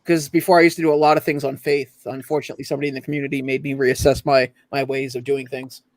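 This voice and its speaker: A man's voice: medium pitch, flat delivery, fast, no echo, low-quality recording. A man from Ontario, hosting a casual late-night collectors' chat, laughing often and trailing off mid-thought. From Ontario, Canada.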